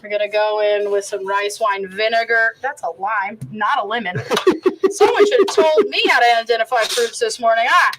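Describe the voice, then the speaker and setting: A fairly high-voiced woman runs a casual cooking demo outdoors, talking fast and loose with plenty of swearing. She drifts into rambling rants between steps, with a faint hum of the open air behind her. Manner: chatty, profane, rambling rants. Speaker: cooking show host and chef.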